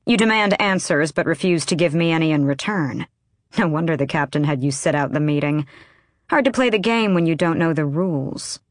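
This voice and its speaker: A woman's voice: low voice, lively intonation, fairly quick, no echo, studio quality. A woman reading the part of a cold, defiant young woman assassin with a cutting, sardonic manner. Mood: mocking.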